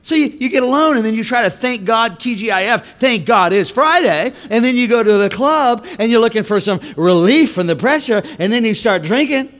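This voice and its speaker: A man preaching a comedic sermon to a live congregation, often shouting and mock-singing. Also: very high voice, fairly quick, hardly any pauses. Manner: animated, shouting, mock-singing and laughing between lines. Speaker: pastor. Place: church hall with a live congregation.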